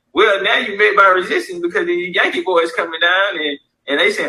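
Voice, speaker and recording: A man's voice: sits high, brisk, hardly any pauses, sharp tone, low-quality recording. A man giving casual history commentary, reading source passages aloud and riffing on them in loose, profane street talk.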